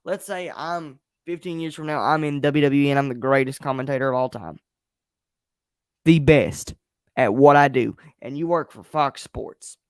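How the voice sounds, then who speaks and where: A man's voice: medium pitch, moderate pace, clean tone, no room sound, studio quality. A young man hosting a wrestling review show, speaking frankly and with blunt emphasis as he vents and shares opinions. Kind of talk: casual chat.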